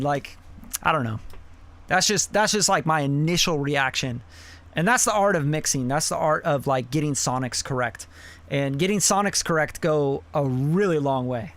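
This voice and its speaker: A man's voice: fairly high pitch, lively intonation, moderate pace, fairly bright tone. A man hosting a live song review, giving blunt, profane mixing feedback in a casual, rambling way. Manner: blunt and profane, with many fillers like "you know".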